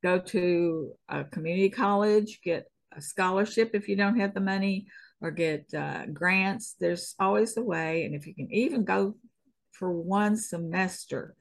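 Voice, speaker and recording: A woman's voice: fairly low pitch, gravelly. A middle-aged woman with a Southern US accent, a stunt woman chatting as a guest in an easygoing, folksy way with frequent chuckles. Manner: unhurried, folksy, chuckles often. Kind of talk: casual interview chat.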